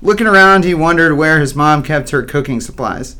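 A man's voice: a little high, fairly quick, sharp tone. A man narrating a children's story playfully, with wry asides to the listener.

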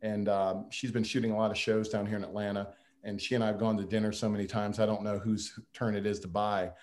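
A man with a slightly low voice delivers a humorous farewell speech to his board. He talks in a folksy, self-deprecating way and often restarts his sentences. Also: little pitch movement, fast talker, darkish tone.

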